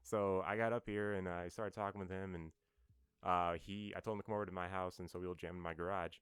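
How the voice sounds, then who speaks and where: A man guesting on a podcast as a band's bassist, telling stories casually with many fillers and restarts. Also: fairly even intonation, fast, fairly bright tone, clean tone, dry recording, studio quality. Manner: rambling storyteller, many fillers. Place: New York.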